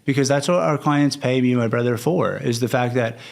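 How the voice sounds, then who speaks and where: A man's voice: medium pitch, brisk, vocal fry. A young man, a coach and podcast guest, talking candidly and acting out quoted conversations. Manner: candid, storytelling, acts out quotes. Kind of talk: casual interview talk.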